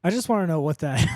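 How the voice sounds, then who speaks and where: A man co-hosting a podcast in a jokey, animated way, laughing often. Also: fairly high pitch, no echo, studio quality. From Mexican heritage. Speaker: podcast co-host. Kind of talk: casual podcast banter.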